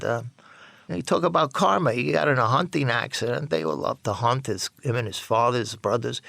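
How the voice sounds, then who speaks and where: Older New guy, gravelly, profane storyteller, halting delivery, dry close sound. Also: mid-range voice, fairly bright tone, no echo. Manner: rambling, profane, halting with many restarts. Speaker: interviewee. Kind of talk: personal storytelling.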